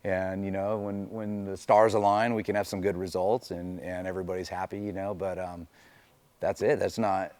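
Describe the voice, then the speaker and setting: A man's voice: low-pitched, little pitch movement, normal speed, a little mellow. A middle-aged man, a race car driver, telling stories in a loose, chatty way full of "you know" fillers. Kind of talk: casual storytelling interview.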